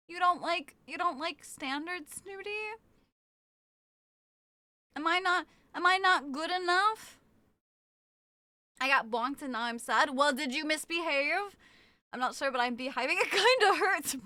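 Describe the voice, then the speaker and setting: A woman's voice: sits high, moderate pace, bright, forceful tone, dry recording. A woman streamer chatting casually with her viewers, playful and teasing as she reads their messages aloud.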